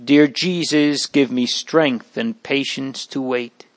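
A man reading aloud from an old memoir, voicing a dying elderly man who pleads in slow, hushed, fervent prayer. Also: mid-range voice, fairly even intonation, dry recording, lightly acted. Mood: pleading.

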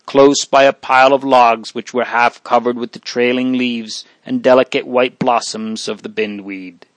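A man reads a story aloud in a steady, even way. There are small slips and restarts now and then. The recording is dry and close. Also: mid-range voice, no room sound. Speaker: narrator. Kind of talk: audiobook narration.

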